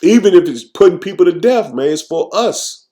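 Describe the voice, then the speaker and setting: A man teaching scripture informally, tagging nearly every phrase with "man" and reading verses slowly with restarts. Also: high-pitched, lively intonation, dark tone. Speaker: preacher.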